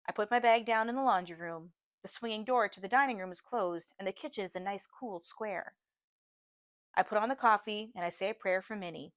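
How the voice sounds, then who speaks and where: A woman reading a novel aloud in first-person narration, steady and earnest, close to the mic. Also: medium pitch, dry recording. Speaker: audiobook reader, teacher.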